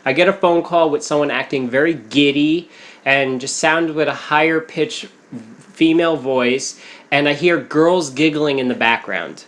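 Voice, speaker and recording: A young man co-hosting a casual podcast, telling a story in an animated way, laughing often and acting out quotes. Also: a little high, a little slow. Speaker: podcast co-host.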